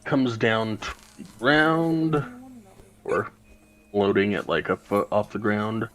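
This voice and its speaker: A man's voice: fairly low pitch, animated, slow, a bit bright, low-quality recording. A man running a tabletop game as game master, talking with hesitant fillers.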